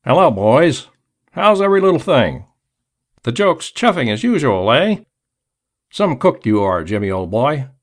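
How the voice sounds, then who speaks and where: A man's voice: mid-range voice, very animated, measured pace, pauses often, voice pushed up. A man voicing a haggard, fawning opium-den keeper who talks hesitantly and wheedles. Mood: wheedling.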